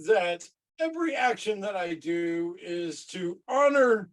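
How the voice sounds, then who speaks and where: High-voiced man making slow grand speeches. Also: expressive, far from the mic, poor audio. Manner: grandiose, drawn-out in-character speeches. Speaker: player. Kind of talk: in-character tabletop role-play.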